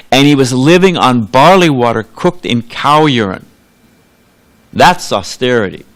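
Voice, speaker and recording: A man's voice: mid-range voice, lively intonation, a little slow, a bit bright. Conversational, rambling male preacher. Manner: conversational, rambling with asides and restarts. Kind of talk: sermon. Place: temple hall.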